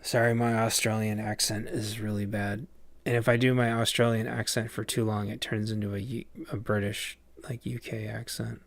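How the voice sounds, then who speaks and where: A man streams a game and chats loosely with his viewers. His voice has a gravelly fry at mid pitch, and he wanders through his thoughts with many ums and restarts. The sound is close and dry. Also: flat delivery, normal speed, no room sound. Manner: rambling, lots of fillers and restarts. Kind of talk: casual livestream chat while playing a game.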